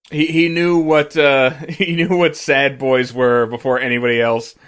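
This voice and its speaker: A man from Missouri co-hosts a podcast, his voice on the high side, a bit bright, and unhurried. He chats casually, joking and swearing, often stammering and restarting his sentences.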